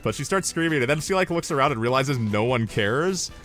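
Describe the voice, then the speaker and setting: A young man streaming, telling stories in an animated, rambling way, swearing and drifting into asides. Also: medium pitch, a little fast, soft background music. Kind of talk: casual storytelling on a livestream.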